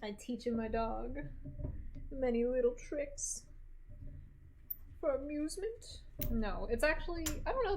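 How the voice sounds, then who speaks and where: A woman's voice: sits high, a little mellow, low-quality recording. A woman chats casually on a live stream as she cooks at home in her kitchen. She is blunt and cusses freely, breaking off to give her dog curt little orders. Faint ambient noise sits underneath her voice. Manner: blunt and profane, with clipped commands to her dog. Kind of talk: casual live-stream chat while cooking.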